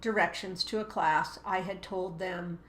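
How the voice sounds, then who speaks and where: A woman's voice: lowish voice, steady tone, a little slow, fairly bright tone, reverberant. A woman teacher co-hosting a casual chat, explaining ideas at length and acting out voices as examples. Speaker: teacher and co-host. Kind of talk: casual two-person chat.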